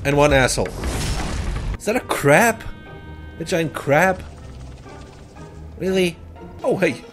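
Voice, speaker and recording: Man, let's play host, sarcastic commentary, slightly high voice, slow delivery. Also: expressive, music in the background. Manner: sarcastic, jokey, exclaiming and laughing. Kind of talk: gameplay commentary.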